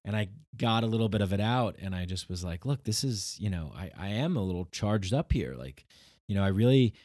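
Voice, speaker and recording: Rambling man telling a story, low voice. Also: lively intonation, a little fast, a little mellow, dry recording, studio quality. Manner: rambling, many restarts and "like", acts out quoted lines. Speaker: podcast host. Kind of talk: casual storytelling monologue.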